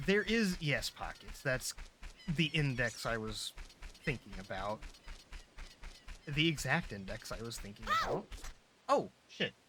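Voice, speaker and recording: Chatty streamer with a lively voice. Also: mid-range voice, a little slow, pauses often, noisy background. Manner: rambling, chatty, swears casually. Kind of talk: casual gameplay commentary. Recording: game music under the voice. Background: game music.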